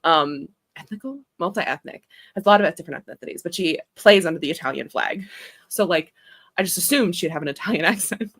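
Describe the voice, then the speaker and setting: A woman's voice: fairly low pitch, brisk, fairly bright tone, husky. A young woman hosting a casual chat stream, rambling in a chatty way and laughing often. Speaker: author and livestream host.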